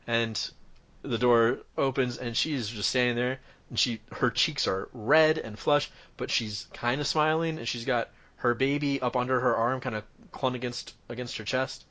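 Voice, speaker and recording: A man running a tabletop game. His voice sits at an ordinary pitch, and he narrates in a loose, rambling way. He keeps the scene rolling as he improvises. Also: a bit bright. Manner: rambling, full of fillers and restarts. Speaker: game master.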